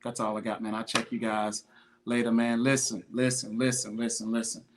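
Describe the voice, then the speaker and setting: Over background noise, a man with a fairly low, level voice talks at a moderate pace. He's a podcast host and fitness motivator giving an emphatic, preachy, repetitive monologue on consistency, pausing to greet viewers by name.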